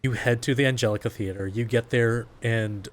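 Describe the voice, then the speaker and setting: A man narrating a tabletop horror game as game master, in a calm, unhurried way. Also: mid-range voice.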